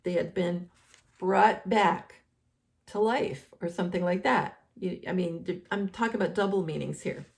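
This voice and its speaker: Gravelly-voiced woman rambling through commentary. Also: on the low side, moderate pace, a little mellow. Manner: rambling, many fillers and restarts. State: losing her voice. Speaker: host. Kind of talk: casual decoding commentary.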